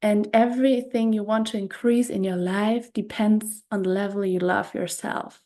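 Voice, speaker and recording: A woman hosting a spiritual podcast, talking in a soft, unhurried reflective monologue and often repeating her words. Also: mid-range voice, steady tone. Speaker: podcast host and spiritual coach.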